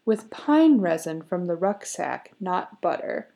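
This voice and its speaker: A woman's voice: fairly low pitch, very animated, slow, gravelly, warm tone. A woman co-hosting a podcast, chatting casually and retelling a folk story, laughing often. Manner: giggly, with frequent fillers and laughs. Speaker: podcast co-host.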